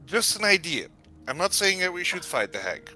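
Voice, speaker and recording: Bright, hesitant man playing a tabletop game. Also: high voice, very animated, moderate pace. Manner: hesitant, self-correcting. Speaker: player. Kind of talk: tabletop role-play.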